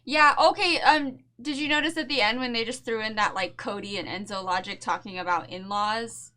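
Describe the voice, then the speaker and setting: With a New Jersey accent, a woman co-hosting a podcast chats in a bubbly way and laughs often during a casual recap. Her voice is a little high and sharp in tone, and she speaks briskly.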